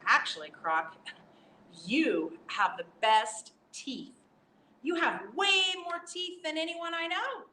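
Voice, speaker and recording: A woman plays a gentle, modest little turtle friend from a storybook, eager and sing-song in a high, bright voice. The sound is roomy and a bit distant. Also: expressive, slow pace, heavily acted. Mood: admiring. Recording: roomy, distant mic, faint hiss.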